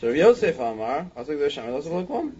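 A man's voice: a little high, big pitch swings, very fast, a little mellow, lo-fi sound, a little hiss or hum. A man leading a Talmud study class, thinking aloud with frequent restarts and "I mean". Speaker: Talmud teacher.

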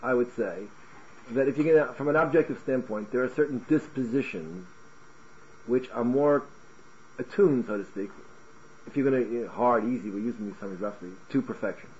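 Animated male Torah teacher, muffled. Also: medium pitch, moderate pace, a little hiss or hum. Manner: animated, asks rhetorical questions, restarts words. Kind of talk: Talmud class lecture.

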